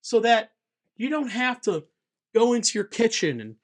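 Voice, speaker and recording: A man hosting his own channel, talking in a playful, jokey, animated way as a game designer. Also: extremely high pitch, normal speed. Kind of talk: comedic casual vlog.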